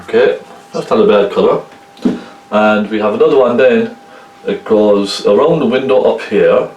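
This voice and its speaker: Man, Cork Irish accent, low-pitched, chatty painting teacher, roomy distant sound. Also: normal speed, a little mellow, muffled recording. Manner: chatty, checks in with viewers. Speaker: painting instructor. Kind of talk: casual painting tutorial.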